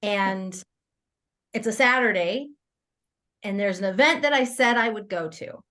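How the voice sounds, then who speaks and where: A woman guest on an interview podcast, telling a personal story in a casual, animated way. She laughs often and acts out her own thoughts as quoted lines. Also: mid-range voice, a little slow. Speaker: guest entrepreneur.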